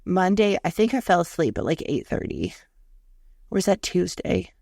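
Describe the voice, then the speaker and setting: A woman co-hosting a podcast, telling animated, profane stories in casual chat. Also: on the low side, normal speed, gravelly, dry recording, clean studio sound. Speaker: podcast co-host.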